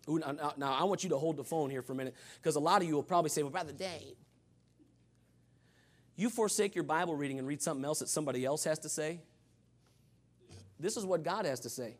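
A man preaching with a very high voice. He drops into quiet, low asides and then climbs back up into loud shouting at his peaks, the way a revival preacher works a congregation. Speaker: pastor. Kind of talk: sermon.

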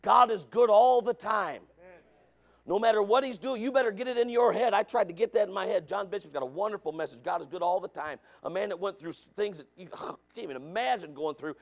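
High-voiced preacher man, swinging loud and soft. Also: brisk, creaky. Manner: preaching with rhetorical questions and calls of amen; swings from low asides to loud shouted points. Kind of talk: sermon.

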